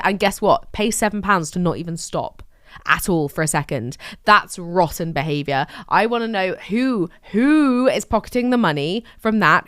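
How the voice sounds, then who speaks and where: A woman's voice: medium pitch, a little fast, a bit bright, dry recording, clean studio sound. An English woman hosting a solo diary podcast, chatting in rambling, sweary, self-mocking rants. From England. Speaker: podcast host.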